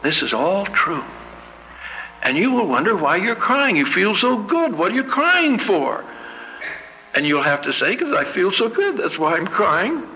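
An older man from Canada delivers an anecdotal sermon, telling stories earnestly and pressing one searching question after another. His voice sits fairly high with a gravelly edge. The sound is a dull, lo-fi recording with long reverb from a large hall. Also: very animated, measured pace, a little hiss or hum. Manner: earnest storyteller, asks many searching questions. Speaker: church speaker.

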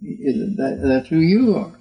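An older man preaching doctrine in an earnest, emotional way. He speaks slowly, often stumbling and repeating words, and his voice sits fairly high for a man. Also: animated, lo-fi sound. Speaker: religious teacher. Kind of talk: doctrinal sermon.

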